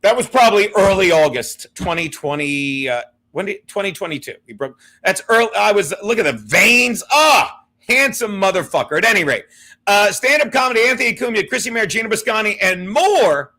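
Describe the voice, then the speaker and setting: A male livestream host chats with a guest and his viewers in a brash, profane style, laughing as he busts balls. His voice sits high for a man and has a bright, forceful edge. He talks into a desk mic. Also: sing-song, moderate pace. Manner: brash, profane, laughing, ball-busting banter. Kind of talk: casual livestream chat.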